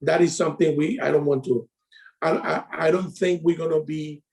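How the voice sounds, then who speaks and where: A middle-aged man speaks English with a Latino accent, telling his story with animated, broken phrasing. His voice sits a bit high for a man, with a gravelly edge and a mellow, dark tone. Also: normal speed. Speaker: insurance advisor. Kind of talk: casual call talk.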